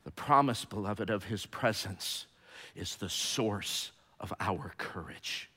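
A man preaching a sermon, emphatic and repetitive, swinging from hushed tones to shouting. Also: fairly low pitch, slow pace, slightly rough. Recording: long hall reverb.

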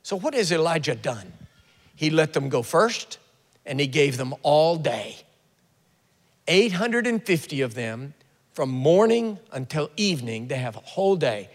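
Male preacher, high voice, lively storyteller, big echoing hall. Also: measured pace. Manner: animated storytelling, acts out the prophet's taunts with sudden loud bursts. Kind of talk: sermon.

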